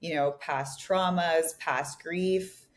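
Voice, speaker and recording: Co-hosting a casual podcast as a relationship coach, a woman sounds reflective, laughs often, and uses plenty of fillers like "like". Her voice is deep and fairly even, and she speaks slowly.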